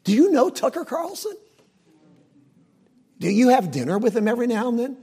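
Animated, gravelly-voiced preacher man. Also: very high voice, moderate pace. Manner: folksy, animated storytelling with asides. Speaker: pastor. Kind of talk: sermon.

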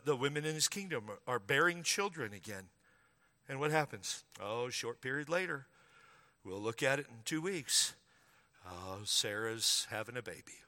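In a church sanctuary with the long reverb of a large hall, a male pastor tells a story as a sermon, conversational and humorous at first before building to emphatic preaching. His mid-range voice is pushed and bright.

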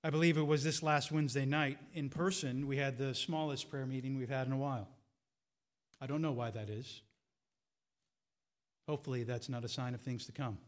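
A man pastor preaching a sermon, asking rhetorical questions with rising fervor and then dropping to a quiet, reflective tone. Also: medium pitch, steady tone, fairly quick, pauses often. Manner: drops to a quiet, reflective tone at times.

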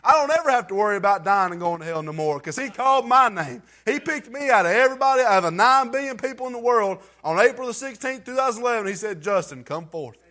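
A man's voice: very high-pitched, lively intonation, quick pace, few pauses, sharp tone. A man reading scripture aloud and giving an earnest, heartfelt testimony in plain everyday grammar. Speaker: church member giving testimony.

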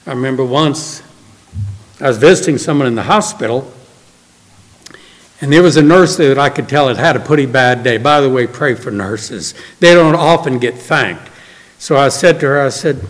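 A man preaching a sermon as pastor, earnest, swinging between emphatic lines and hushed ones. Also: medium pitch, moderate pace. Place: church sanctuary. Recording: long reverb of a church hall.

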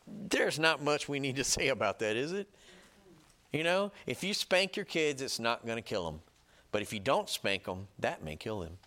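Emphatic preacher man, lively pitch. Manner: emphatic, repeats "right?" and "okay?" to the listeners; reads scripture slowly and loudly. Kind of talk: sermon teaching.

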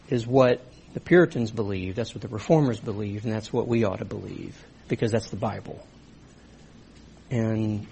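A man's voice: medium pitch, darkish tone, slightly rough. A man preaching a sermon, earnest, stressing his points and speaking directly to the men in the congregation. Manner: earnest preaching with rising emphasis and asides to the men. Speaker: pastor.

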